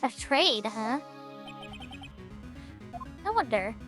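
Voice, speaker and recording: A fretful young male lawyer, read by a woman in her own bright voice, sounds worried and a little wry. Her pitch sits high and lively. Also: drawn-out words, faint music behind, heavily acted.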